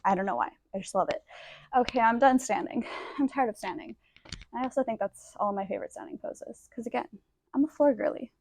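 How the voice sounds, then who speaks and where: Young woman, yoga teacher, casual and self-deprecating, slightly high voice, dry close sound, a bit breathless. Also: animated, a little fast, darkish tone, no room sound. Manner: chatty, self-deprecating, demonstrating poses while talking. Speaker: yoga instructor. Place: indoor room, yoga mat.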